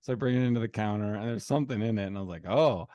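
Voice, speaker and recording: A fairly low-pitched, smooth-voiced man in his thirties rattles off a family story at rapid-fire speed while co-hosting a podcast. He acts out the quoted voices, getting louder for them. There's no echo, though the recording sounds muffled.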